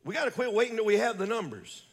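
Pastor, male, very high-pitched, impassioned church preaching. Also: sing-song, fast talker, in a large hall. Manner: fiery preaching, builds to shouting. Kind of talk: sermon. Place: large church.

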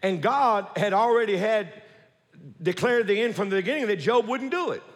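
A man preaching a sermon in a church, animated and folksy, with joking asides to the congregation. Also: high voice, moderate pace, long reverb tail. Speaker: pastor.

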